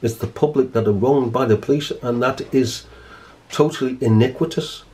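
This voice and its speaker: Speaking to camera, a male vlogger delivers an indignant monologue, hammering and repeating his points while acting out both sides of an argument. His mid-range voice has a dark tone and a moderate pace.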